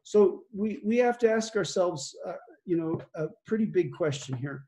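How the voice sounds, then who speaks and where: Dark-voiced pastor teaching the Bible. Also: mid-range voice, lively intonation, moderate pace. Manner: conversational, with fillers and chuckles; reads scripture aloud.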